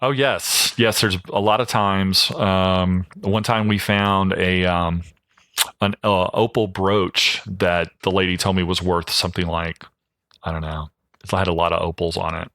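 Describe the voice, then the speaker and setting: A man's voice: low voice, fairly even intonation, measured pace, a bit bright, no room sound, clean studio sound. A man, a podcast guest who runs a home cleanout business, telling casual stories full of fillers and acting out what people said. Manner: rambling anecdotes full of fillers, acting out quoted voices.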